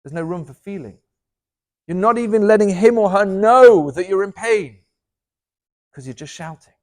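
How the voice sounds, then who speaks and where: Expressive rabbi with a high voice. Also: male voice, moderate pace. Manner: dynamic, swings between loud emphatic lines and soft low asides. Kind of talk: inspirational talk.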